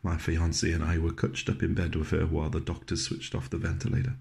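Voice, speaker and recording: A man performing a scripted dramatic monologue, telling his story in a gentle, wry way with low, soft passages. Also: monotone, fast, vocal fry.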